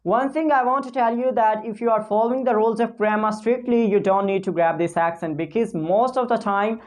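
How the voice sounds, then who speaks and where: A woman teaching spoken English pronunciation, talking casually to camera and slowly repeating model phrases for learners to copy. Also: a little high, darkish tone. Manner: many fillers and restarts, non-native phrasing.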